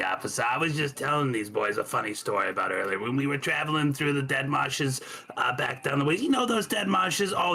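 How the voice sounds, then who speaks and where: A man voicing a chatty, nervous female dark elf sorcerer who rambles on. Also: mid-range voice, gravelly, slightly rough, voice pushed up, heavily acted. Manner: rambling, giggly, talks over herself.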